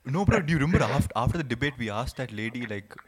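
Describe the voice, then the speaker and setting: A man's voice: medium pitch, lively intonation, quick pace. A young man from India co-hosting a podcast, telling stories animatedly in casual slang. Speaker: podcast co-host. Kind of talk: casual chat among friends. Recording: crowd noise clearly heard behind.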